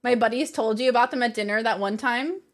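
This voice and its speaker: A woman's voice: a little high, quick pace. A woman livestreamer in casual chat, reading her viewers' messages aloud and laughing often.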